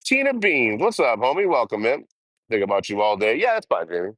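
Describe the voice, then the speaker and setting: A man's voice: mid-range voice, huge pitch swings, fairly quick, a bit bright, dry recording. Laughing, swearing man chatting with viewers. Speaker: livestream host. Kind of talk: casual livestream chat. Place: outdoors while traveling by train.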